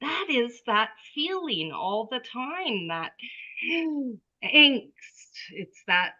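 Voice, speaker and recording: Slow, bright-voiced woman telling a story. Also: a little high, muffled recording. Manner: animated storytelling, acts out quoted thoughts. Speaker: group participant. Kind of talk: casual spiritual sharing. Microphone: video call.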